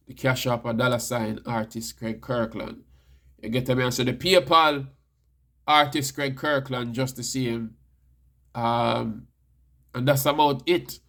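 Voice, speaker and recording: A Jamaican man with a voice of middling pitch chats casually in patois. He moves into a rhythmic, rhyming spoken-word piece, keeping the patois cadence all through. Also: steady tone, slow pace, long pauses, a bit bright. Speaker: poet.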